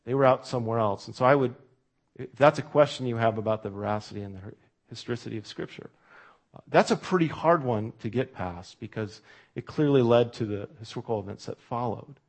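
A man preaching a sermon, talking through a scripture story in a conversational way and dropping to a hush when he quotes. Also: mid-range voice, brisk. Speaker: pastor.

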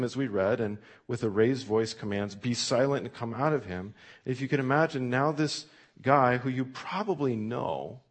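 A man's voice: fairly low pitch, husky. A male pastor preaching a sermon in a conversational way, with frequent fillers and restarts, reading scripture aloud with extra emphasis.

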